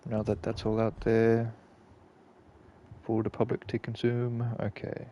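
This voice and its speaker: A man's voice: on the low side, little pitch movement, a little slow, vocal fry, mellow, slight background noise. A man giving casual gameplay commentary, laid-back and swearing freely while he mutters to himself. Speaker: gaming channel host.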